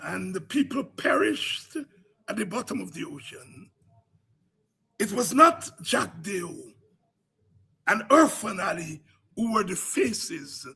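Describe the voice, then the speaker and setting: A man hosting a political talk show, speaking in a high, bright, gravelly voice. His delivery is slow and oratorical, with sweeping swings in pitch. He repeats phrases rhythmically and works them up into shouts. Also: animated. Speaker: political podcast host. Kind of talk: impassioned political commentary.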